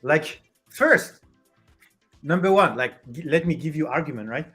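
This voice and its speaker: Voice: medium pitch, lively intonation, unhurried, a bit bright, soft background music. Hesitant streamer searching for words. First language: French. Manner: hesitant, searches for English words, restarts a lot. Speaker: livestream host. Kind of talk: casual livestream chat with viewers.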